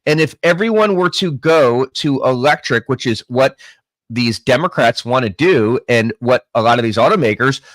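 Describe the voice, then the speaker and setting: A man chatting as a guest about politics, thinking out loud with emphatic asides. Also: mid-range voice, expressive, normal speed, no echo. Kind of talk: casual political chat.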